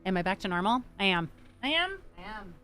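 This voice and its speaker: A woman's voice: medium pitch, sing-song, a little fast, pushed and bright, soft background music. A young adult woman livestreaming a game, chatting casually in a rambling, joking way and swearing freely. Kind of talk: casual chat while gaming.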